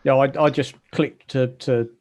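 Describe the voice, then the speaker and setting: A man's voice: medium pitch, fairly even intonation, a crowd in the background. A man bantering playfully in a casual livestream chat. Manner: playful, jokey, quick banter.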